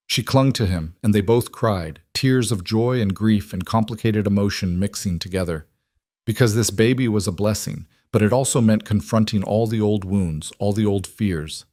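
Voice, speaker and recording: A man narrating a western storybook with a calm, measured, scripted delivery. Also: on the low side, no room sound, clean studio sound.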